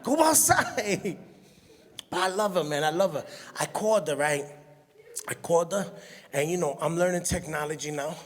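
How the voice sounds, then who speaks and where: Middle-aged male comic, high voice, lively storyteller, big hall reverb. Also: fairly quick. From Puerto Rican heritage. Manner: animated storytelling, acts out his mother with high shrieks. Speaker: stand-up comedian. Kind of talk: stand-up comedy routine. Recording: long reverb of a show hall.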